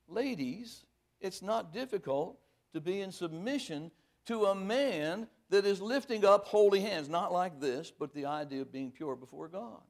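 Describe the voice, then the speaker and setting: Reading scripture during a sermon, a man with a voice that sits high drives every point home forcefully, then falls back to quiet asides.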